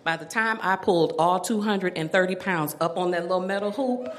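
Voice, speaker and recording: A middle-aged woman telling a personal story to an audience, animated and self-mocking, laughing often. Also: fairly low pitch, fairly quick, a little hiss or hum.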